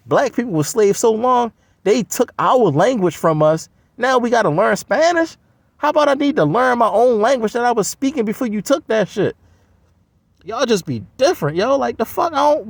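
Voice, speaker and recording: A high-voiced man with a gravelly, fry-laden edge rants in a blunt, scoffing, profane way. The sound is close and dry, with no room in it. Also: no room sound. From United States. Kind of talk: profane solo rant.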